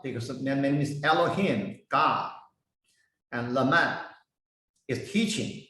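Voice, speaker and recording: A man teaching a Bible lesson, slowly spelling out Hebrew words and their meanings one by one. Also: on the high side, a bit bright. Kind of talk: slow explanatory lesson. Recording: echoey room, voice heard from a distance.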